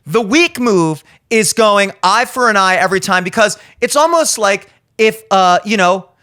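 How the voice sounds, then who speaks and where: A man's voice: sits high, animated, normal speed, sharp tone. A man in his thirties hosting a podcast, giving blunt, profane opinion commentary and acting out the people he quotes. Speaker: podcast host. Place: studio.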